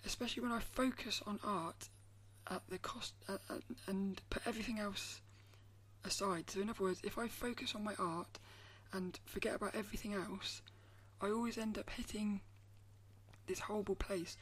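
A woman hosting a solo podcast, talking in a thoughtful, musing way and often trailing off into soft, near-whispered asides. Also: medium pitch, fairly even intonation, moderate pace, husky. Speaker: podcast host. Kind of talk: reflective solo podcast talk.

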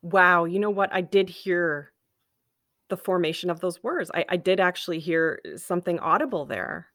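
Lowish-voiced woman host, dry sound. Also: moderate pace, fairly bright tone, no room sound. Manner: brief reactive interjections. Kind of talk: casual interview.

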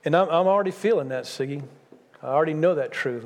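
High-voiced preaching man in a reverberant hall. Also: quick pace. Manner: emphatic preaching, repeats key phrases. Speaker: pastor. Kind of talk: sermon.

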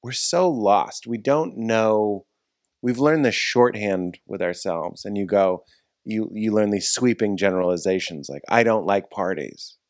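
A man's voice: on the low side, a little slow, a little mellow, no echo, studio quality. A man, a podcast host, in casual conversation, rambling and restarting his sentences. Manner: rambling, self-interrupting, with frequent restarts.

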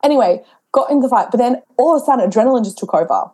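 Fast-talking young woman with a mellow tone. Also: fairly high pitch. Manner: animated storyteller, acts out her own past dialogue. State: pregnant. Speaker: podcast guest. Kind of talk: casual interview chat.

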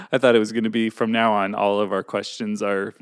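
A man's voice: fairly low pitch, little pitch movement, normal speed, clean tone, dry recording, clean studio sound. A man co-hosting a podcast in casual chat, playful and jokey, telling wandering anecdotes with plenty of fillers. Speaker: podcast co-host.

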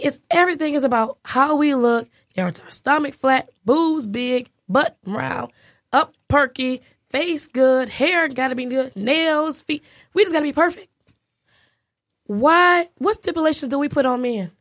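A woman co-hosting a podcast in casual, playful chat, her voice husky and lowered. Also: a bit bright, no echo, clean studio sound. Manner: chatty, laughs easily, playful. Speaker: podcast co-host.

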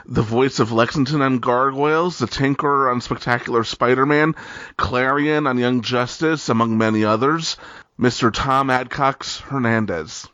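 A man hosting a fan podcast, warmly introducing his co-host and guests. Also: mid-range voice, fairly even intonation, moderate pace, no echo, muffled recording. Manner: friendly, announcing guests.

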